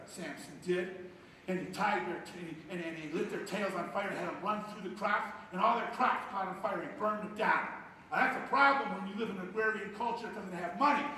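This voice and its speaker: A male pastor from Ohio preaching a sermon, swinging between loud bursts and hushed asides. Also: high-pitched, far from the mic, a little hiss or hum. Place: church sanctuary. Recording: echoey hall, picked up from afar.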